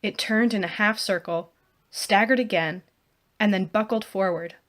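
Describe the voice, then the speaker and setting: A woman, an author, narrating her own first-person adventure novel in a hushed, even storytelling manner. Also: mid-range voice, normal speed.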